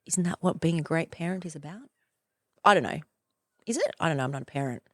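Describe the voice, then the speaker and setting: A woman in her forties hosting a podcast, talking in a loose, effusive monologue, swearing freely and leaping up in pitch for playful emphasis. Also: quick pace, fairly bright tone, no room sound, clean studio sound. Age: 40s. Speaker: podcast host. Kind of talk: casual monologue.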